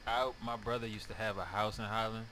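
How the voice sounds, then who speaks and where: Laid-back low slangy man. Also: fairly quick, slight background noise. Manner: relaxed, slangy, says "bruh" a lot. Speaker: podcast guest, comedian. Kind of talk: casual chat.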